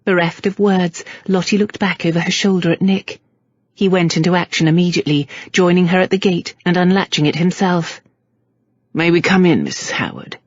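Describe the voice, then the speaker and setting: A woman narrating a historical romance audiobook in a measured, even storytelling manner. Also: lowish voice, dry recording, highs cut off. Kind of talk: scripted narration.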